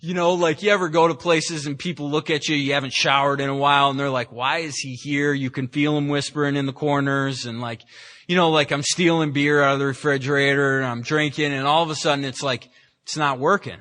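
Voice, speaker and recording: This San Francisco, California man speaks a little fast at an AA meeting, his voice a bit high and bright with fairly even intonation. In the meeting room, he gives a frank, self-deprecating account of his recovery, starting over again and again.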